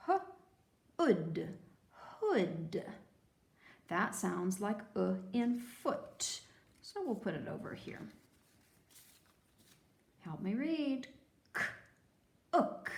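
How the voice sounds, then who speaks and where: A woman teacher leading a children's phonics lesson, prompting young learners in a slow, sing-song way and drawing out the sounds. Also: fairly high pitch, a little mellow, echoey room. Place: room with table.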